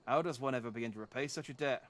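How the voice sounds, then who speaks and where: A man's voice: mid-range voice, a bit bright, natural voice. A man voicing a frail, gracious older father with a put-on Canadian accent, ending his lines with "eh?". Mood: earnest. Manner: ends lines with a drawn-out "eh?".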